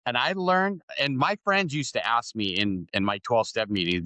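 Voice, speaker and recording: A man's voice: mid-range voice, normal speed, hardly any pauses, no echo. Chatty middle-aged man, dry sound. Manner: animated storyteller, acts out quoted voices, keeps adding "right?". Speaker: podcast host. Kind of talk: conversational interview.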